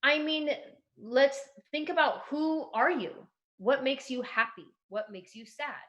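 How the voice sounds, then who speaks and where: A woman's voice: high voice, measured pace, muffled recording. A woman comedian in her thirties, talking casually in an interview and acting out quoted voices as she gives advice. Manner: animated, acts out quoted voices. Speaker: comedian guest.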